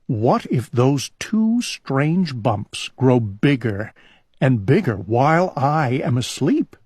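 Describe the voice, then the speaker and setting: A man voicing a fretful, gentle male owl in a storybook reading, talking in an anxious, earnest, childlike way. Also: mid-range voice, big pitch swings, takes it slowly, husky, no echo, studio quality, full character voice. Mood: worried.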